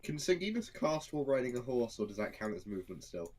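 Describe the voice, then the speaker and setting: A man's voice: mid-range voice, big pitch swings, fast talker, darkish tone. A man playing a tabletop game over a stream, asking rules questions in a matter-of-fact way. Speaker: player. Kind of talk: casual game chat.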